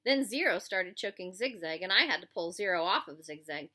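Woman reads cheeky, blunt teen boy, bright and lively. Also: fairly low pitch, fairly quick. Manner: blunt, matter-of-fact.

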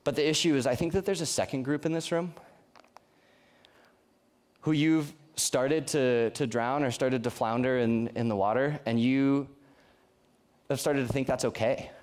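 A man's voice: medium pitch, steady tone, a little slow, long pauses, a little mellow. A young man preaching a youth sermon in an earnest, conversational way, often restarting his sentences. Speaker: youth pastor.

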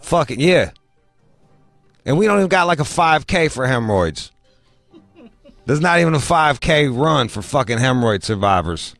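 A man's voice: moderate pace, gravelly, long pauses, no echo, soft background music. Foul-mouthed man telling wild stories. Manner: profane, animated, mimics people in high voices. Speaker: podcast host. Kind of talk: crude comedic storytelling.

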